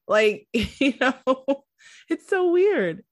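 A woman co-hosting a casual chat about a TV episode, animated and laughing as she retells scenes. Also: high voice, very slow, dry recording. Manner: animated, laughing, acts out quotes from the show. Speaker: podcast co-host reviewing a TV episode.

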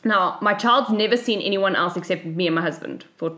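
A South African woman in her thirties, co-hosting a podcast and telling a personal story in a lively way, acting out what other people said. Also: mid-range voice, fairly quick. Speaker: podcast co-host. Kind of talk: casual storytelling chat.

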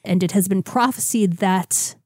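A woman co-hosting a podcast, recapping a comic in a quick, sardonic storytelling way. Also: mid-range voice, darkish tone, no echo, clean studio sound. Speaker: podcast co-host. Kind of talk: casual comic-book chat.

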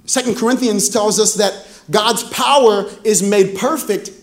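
High-voiced preacher in an echoey room. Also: male voice, measured pace. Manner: humorous storytelling, acts out quoted dialogue. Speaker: pastor. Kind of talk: sermon.

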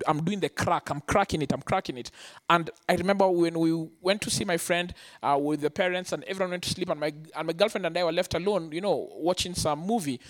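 Guy preaching, telling his story, acts out the quotes. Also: fairly high pitch. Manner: animated storytelling, acting out quotes. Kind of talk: sermon testimony.

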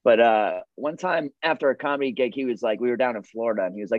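A man's voice: medium pitch, fast talker, no echo, lo-fi sound. A man, a comedian and host, telling stories in casual chat, rambling with many fillers.

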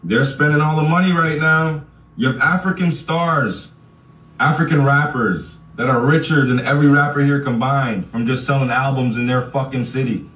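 A man's voice: medium pitch, moderate pace, a bit bright. A man hosting a podcast, ranting casually and profanely straight at his listeners, laughing often as he talks. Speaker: podcast host. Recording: echoey room, far from the mic.

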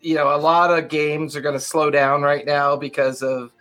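Man, podcast co-host, casual chat, bright forceful tone, slightly high voice, rambling. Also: level tone, moderate pace, faint music behind. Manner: rambling, leans on "you know".

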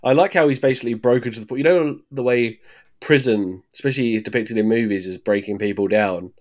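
A man's voice: medium pitch, fast, darkish tone. A man co-hosting a podcast, casually talking through a film, swearing now and then and acting out lines from scenes. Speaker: podcast co-host. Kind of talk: casual film review chat.

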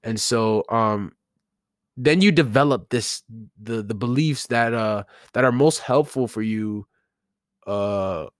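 A man's voice: fairly low pitch, takes it slowly, no room sound, clean studio sound. A man hosting a solo podcast, talking casually and rambling with many fillers and restarts. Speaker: podcast host.

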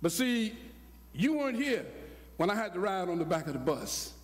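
An older man preaching a sermon, telling a story with acted-out dialogue and rising to shouts. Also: high-pitched, sing-song, normal speed. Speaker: pastor. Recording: long hall reverb.

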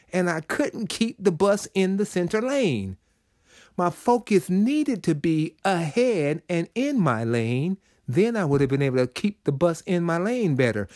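A man's voice: high-pitched, darkish tone, no echo, studio quality. A man hosting a short devotional segment, preaching in a conversational way with sudden rises and drops. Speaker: inspirational segment host.

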